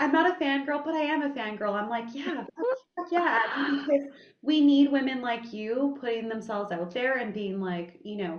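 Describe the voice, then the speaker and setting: A woman hosting a podcast in a casual interview chat, a candid, animated storyteller who swears freely. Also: fairly high pitch. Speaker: podcast host. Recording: echoey room, dull lo-fi sound.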